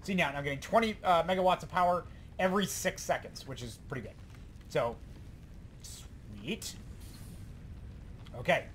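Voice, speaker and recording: A man hosting a let's play, giving excitable, rambling gameplay commentary and talking to himself. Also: a little high, normal speed, pauses often, slight background noise.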